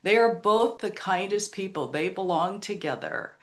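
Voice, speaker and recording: A woman's voice: medium pitch, animated, normal speed. Earnest middle-aged woman telling a story. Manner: earnest, emotional, retells quotes in other voices. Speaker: podcast guest, memoir author. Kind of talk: heartfelt storytelling interview.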